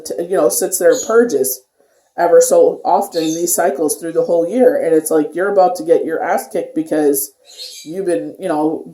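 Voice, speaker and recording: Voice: medium pitch, mellow. A tarot reader giving a casual daily reading, rambling loosely with lots of filler phrases. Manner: rambling, filler-heavy talk with many "you know"s. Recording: echoey room.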